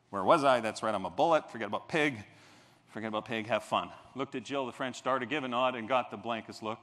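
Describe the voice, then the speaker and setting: A man giving a motivational keynote speech on a convention stage, telling a story and acting out the scenes with bursts of shouting. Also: a little high. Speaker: keynote speaker. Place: large convention hall stage. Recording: reverberant convention hall.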